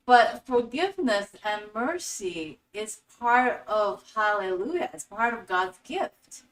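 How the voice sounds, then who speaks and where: A woman hosting a spiritual teaching talk, telling stories in an animated way and acting out quotes. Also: mid-range voice, slow pace. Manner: animated storytelling with acted-out quotes. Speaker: host. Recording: echoey room, voice from a distance.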